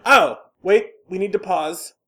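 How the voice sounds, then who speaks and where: A woman co-host on a podcast speaks in a mid-range voice. The conversation is casual, and she's animated and quick to laugh.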